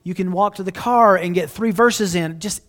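Middle-aged pastor guy, kinda high voice, earnest, keeps restarting sentences. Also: moderate pace, a bit bright. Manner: earnest, restarts phrases often. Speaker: pastor answering questions. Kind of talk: casual Q&A talk.

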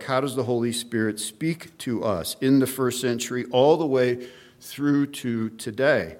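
Man, pastor, middle-aged, expository sermon, measured teaching, reads scripture aloud, fillers and restarts. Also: medium pitch, fairly even intonation, a little mellow.

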